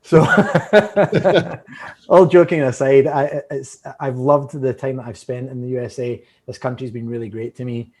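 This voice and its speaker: A man's voice: medium pitch, steady tone, moderate pace, few pauses, dark tone. Joking Scottish man, chatty guest. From Scotland. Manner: chatty, joking, restarts phrases often. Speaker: whisky company guest. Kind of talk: casual interview chat.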